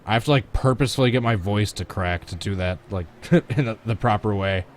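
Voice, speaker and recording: A man's voice: lowish voice, brisk, a little hiss or hum. A man casually chatting at home while streaming a racing game, reacting to viewers and the action. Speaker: gaming live streamer. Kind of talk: casual live-stream commentary while playing a racing sim.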